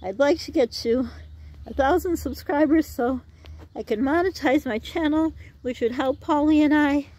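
A woman's voice: high voice, normal speed, darkish tone. A middle-aged woman chatting in a rambling way while gardening outdoors for her vlog, out of breath. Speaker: vlogger.

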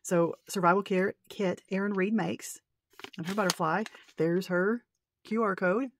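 A middle-aged woman chatting her way through a crafting show-and-tell at a mid-range pitch. She gushes and rambles, tripping over her words when excited, with a faint hiss of noise underneath. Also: a little slow. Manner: excitable, gushing, rambling and tongue-tied. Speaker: paper-crafting vlogger. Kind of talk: casual show-and-tell chat.

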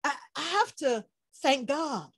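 A woman preaching an informal online sermon, lively and laughing often, acting out quoted people with sudden shouts and low murmurs. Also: takes it slowly, creaky, dry recording. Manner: quotes people in acted voices.

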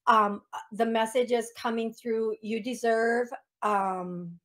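A woman with a fairly high voice hosts a radio call-in show as a psychic medium. She talks in a chatty, rambling way, restarting phrases and filling gaps with "um". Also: steady tone, slow. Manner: warm, chatty, frequent restarts and ums.

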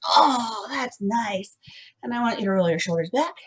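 A young woman teaching a music lesson to small children from home, her voice bright and sing-song. Her pitch sits fairly high and swoops widely. Her tone carries a slight huskiness. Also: expressive, normal speed, husky.

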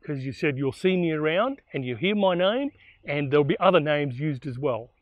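A man's voice: on the high side, animated, normal speed, no room sound, lo-fi sound, natural voice. A man voicing a bold, generous bushranger man who talks in an easygoing, confiding way.

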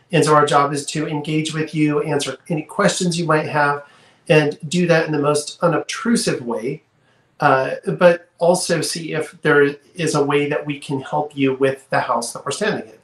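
A man who works as a realtor, speaking in a measured way with frequent pauses and "um"s. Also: on the high side, a bit bright. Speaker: realtor, panelist. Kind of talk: casual chat. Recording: roomy echo.

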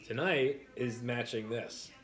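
A laid-back man with a New York accent hosts a casual live stream, chatting while he eats and answering viewers. His voice sits in a middle range, and his manner is joking and unhurried. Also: medium pitch. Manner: relaxed, joking, reads viewer comments aloud.

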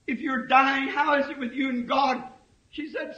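Fiery preacher in his fifties, a man with a strikingly high voice, dull old tape recording. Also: fairly even intonation, normal speed. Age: 50s. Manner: impassioned, swings to shouting. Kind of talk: fiery sermon.

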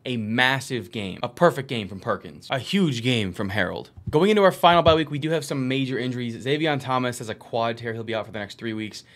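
A man giving live commentary while playing a college football video game, muttering plays to himself and bursting into loud excited yells and swearing. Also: medium pitch, fairly quick, few pauses. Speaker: gaming video creator.

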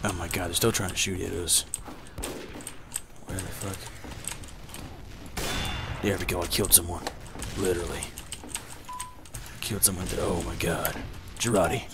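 A man putting on a forced, strained deep voice to narrate his gameplay, muttering and swearing as he plays and speaking to the viewers as "folks". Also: normal speed, pauses often. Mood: grumbling. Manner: mutters and swears while playing, addresses "folks". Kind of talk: gameplay commentary in a put-on voice. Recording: steady background noise with keyboard typing.

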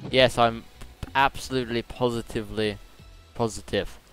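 A man's voice: mid-range voice, steady tone, moderate pace, fairly bright tone, soft background music. A young British man streaming a game, chatting in a rambling, jokey way full of fillers. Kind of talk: casual gaming stream chat.

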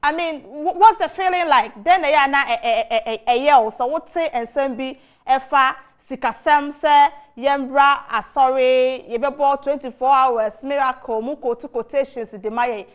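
Ghanaian lady host, kinda high voice, lots of ehs while she asks stuff. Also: normal speed, few pauses. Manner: mixes Twi and English, many fillers while asking. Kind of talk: hosting a talk show interview.

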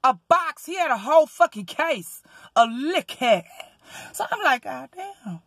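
A Texas rideshare driver with a Southern US accent tells a story as a profane, animated rant, loudly acting out what people said. Her voice is high-pitched, her pace measured, and there's no room sound.

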